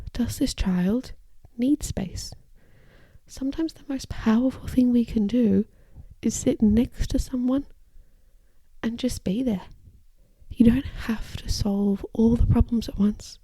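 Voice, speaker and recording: A female occupational therapist hosts an educational podcast, talking calmly and deliberately into a microphone in a fairly high voice. Her phrases often fade into breathy whispers, and the recording is dry.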